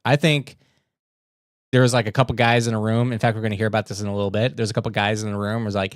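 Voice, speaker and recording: A man's voice: medium pitch, lively intonation, brisk, no echo, studio quality. A man hosting a casual political news livestream, sarcastic and mocking as he reads posts aloud and comments on them. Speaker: livestream host.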